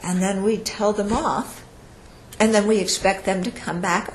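A woman's voice: mid-range voice, a little slow, reverberant, a little hiss or hum, rough recording. A woman giving a Buddhist teaching to an audience in a conversational way, often checking in with listeners and acting out quoted speech. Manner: acts out quoted speech with lively shifts in voice. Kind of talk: dharma talk to an audience.

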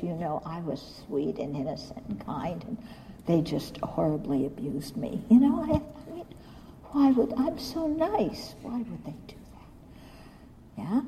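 A woman giving a Buddhist dharma talk, animated and self-mocking, often laughing at her own stories. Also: mid-range voice, long reverb tail, a little hiss or hum, rough recording. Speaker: Buddhist teacher.

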